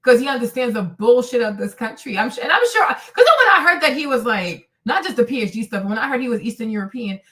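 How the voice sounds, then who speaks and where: A woman's voice: on the high side, big pitch swings, quick pace, few pauses, fairly bright tone, far from the mic. A woman hosting a live stream, giving emphatic ranting commentary and repeating points for effect. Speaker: streamer host.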